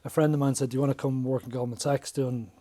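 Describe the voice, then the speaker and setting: A man's voice: medium pitch, fast. A man chatting in a podcast interview, telling stories and acting out quoted dialogue. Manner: animated storyteller, acts out quoted dialogue. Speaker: podcast guest, business coach. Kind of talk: casual interview chat.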